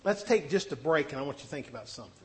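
A man's voice: fairly high pitch, rapid-fire. A man preaching a sermon, telling Bible stories and acting out the quotes. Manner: animated, acts out scripture quotes.

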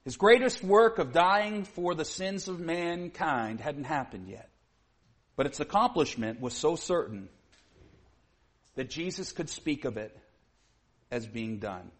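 A man's voice: fairly high pitch, animated, measured pace, long pauses. A man preaching a sermon to his congregation, earnest, often saying "you see", sometimes building to emphatic peaks.

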